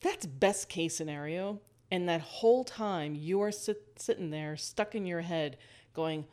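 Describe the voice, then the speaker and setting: Woman, host, lowish voice, casual storytelling, lively, laughs a lot. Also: unhurried. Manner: lively, laughs often, talks the listener through a scene.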